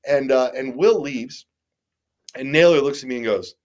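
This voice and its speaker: A man's voice: mid-range voice, normal speed. A middle-aged man, a guest in a casual interview, telling stories candidly with many restarts and stammers, and the occasional swear. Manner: rambling, frequent restarts and stammers.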